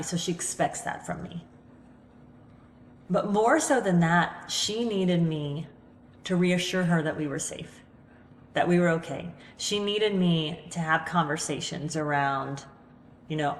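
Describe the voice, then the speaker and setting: A woman hosting a podcast, talking earnestly and a little ramblingly about staying calm in a crisis, recorded in her living room. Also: lowish voice, moderate pace. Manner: earnest, rambling, self-deprecating. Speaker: podcast host. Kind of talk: reflective motivational talk. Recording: echoey room with long reverb.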